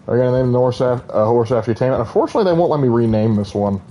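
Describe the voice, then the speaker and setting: Man, game streamer, rambling casual chat, mellow voice, faint background hiss. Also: mid-range voice, racing. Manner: chatty and rambling, laughs often. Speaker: gaming streamer. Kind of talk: casual live-stream commentary.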